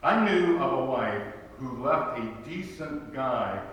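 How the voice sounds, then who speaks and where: A man's voice: mid-range voice, animated, slow, fairly bright tone, a little hiss or hum. A man, a pastor, preaching a sermon in a conversational way, with wry humor and emphatic rhetorical questions. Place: church sanctuary. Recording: very echoey church hall, from far off.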